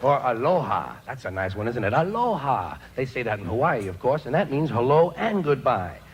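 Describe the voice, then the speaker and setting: A man's voice: mid-range voice, sing-song, normal speed, slight background noise. A man performing a stand-up comedy routine on stage with a wry, sardonic delivery, recorded live in front of an audience. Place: stage before a laughing audience.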